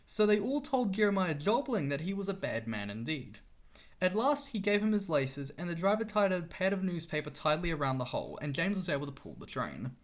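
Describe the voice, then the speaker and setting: A man reading a children's storybook aloud in an expressive way. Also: high voice, brisk.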